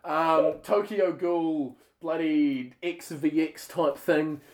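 A man improvising a silly film pitch in a comedy sketch, peppering it with "bloody" and "mate". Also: steady tone, slow pace, darkish tone. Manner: puts on a broad Aussie-style slang voice with "bloody" and "mate".

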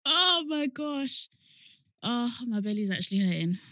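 A woman co-hosting a relaxed podcast, giggling and often apologizing through her laughter. Her voice is bright and slightly high, with lively pitch. The recording is dry and close. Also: a little slow, no room sound. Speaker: podcast co-host. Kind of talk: casual chat.

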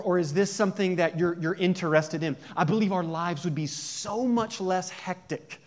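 A male pastor delivering a sermon in a conversational, joking tone. His voice sits a little high for a man. He keeps asking his listeners questions. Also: a little mellow.

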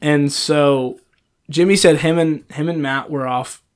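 A young man with a fairly high voice tells work stories in a relaxed podcast chat. He is animated and rambling, and his sentences are full of fillers. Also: measured pace, clean tone. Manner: animated storyteller, many fillers like "like" and "um". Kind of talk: casual storytelling chat.

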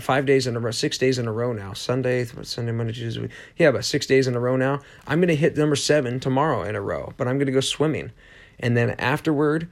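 On his own motivational podcast, a medium-pitched man speaks earnestly but wanders, repeatedly restarting and coming back to short, emphatic affirmations.

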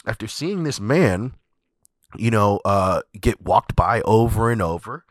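A man's voice: lowish voice, a little slow, no room sound. A man hosting a podcast, telling a comedic story in a loose, profane, laughing way. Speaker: podcast host.

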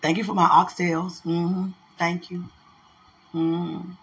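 Heartfelt woman talking straight to her partner, effusive and prayerful, with a bright, forceful edge. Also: fairly low pitch, little pitch movement, takes it slowly. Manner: effusive, prayerful, repeats herself. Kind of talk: emotional casual talk.

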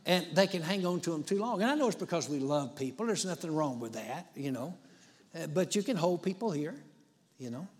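A man's voice: a little high, lively intonation, a little fast. A man preaching a sermon as he tells a story, in a folksy way with dramatic rises and many asides of "you know". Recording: long hall reverb.

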